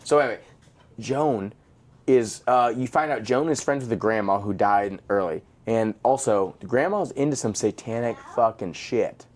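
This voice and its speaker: A man's voice: mid-range voice, normal speed. A man co-hosting a casual movie review podcast, swearing often and acting out scenes as he retells them. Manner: animated, profane, acts out scenes. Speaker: podcast co-host.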